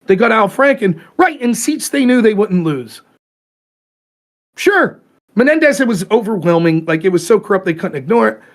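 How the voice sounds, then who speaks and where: A man's voice: high voice, expressive. A man hosting his own talk show, ranting heatedly about politics with plenty of swearing and mocking asides. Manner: profane, fired-up, talks in rapid bursts and mimics opponents. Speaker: show host.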